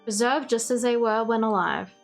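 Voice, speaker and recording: A woman's voice: a little high, moderate pace, vocal fry, faint music behind. A woman reading as a cold obsessive doctor. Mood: gloating. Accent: Australian. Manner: calm, formal, softly menacing. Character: cold obsessive male doctor doll-maker.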